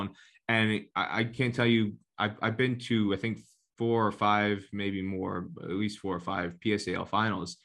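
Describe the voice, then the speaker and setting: A man's voice: fairly low pitch, little pitch movement, moderate pace, a bit bright. A man from New Jersey in casual conversation, talking at length and acting out quoted critics in a raised, mocking voice. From New Jersey, United States.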